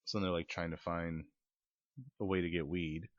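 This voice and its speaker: A man casually retelling a movie's plot, rambling with lots of fillers and quick acted-out quotes. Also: low voice, little pitch movement, no echo, dull audio. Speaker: podcast movie reviewer.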